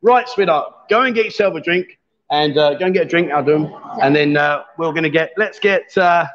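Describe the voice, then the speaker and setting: A man's voice: on the high side, fairly quick, lo-fi sound. A man hosting a live stream, chatting casually and teasing his guests. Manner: joking, teasing.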